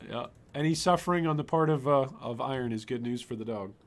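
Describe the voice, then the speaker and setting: A man's voice: mid-range voice, fast talker. A man streaming a video game, chatting playfully with his viewers as he plays. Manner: chatty, playful, joking with chat. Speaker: gaming streamer. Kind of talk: casual gameplay commentary.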